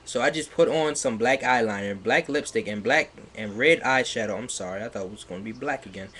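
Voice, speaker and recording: On a livestream, a man reads fan fiction aloud in a mocking, dramatic, sarcastic way, breaking into loud outbursts and laughter. His husky, medium-pitched voice moves a little fast and sounds slightly stuffy.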